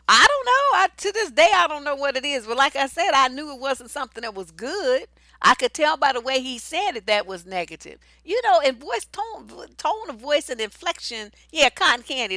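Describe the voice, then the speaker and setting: Blunt, animated woman coach. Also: medium pitch, no room sound. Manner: blunt, profane, animated and conversational. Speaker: relationship coach. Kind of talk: candid personal storytelling and advice.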